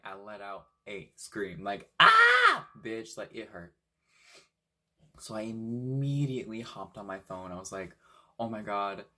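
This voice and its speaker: A young man from Washington State telling a story in a casual, animated way, swearing freely and acting out what people said. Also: deep voice, a little hiss or hum. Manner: animated, swears a lot, acts out quotes. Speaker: vlogger.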